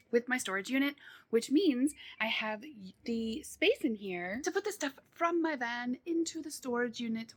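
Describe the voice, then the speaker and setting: A woman in her thirties talking openly and casually to the camera from inside her van, loud at times and quick to laugh. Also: fairly high pitch. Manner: chatty and open, with frequent laughs and quick asides; talks loudly at times. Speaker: van life vlogger. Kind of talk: casual vlog talk.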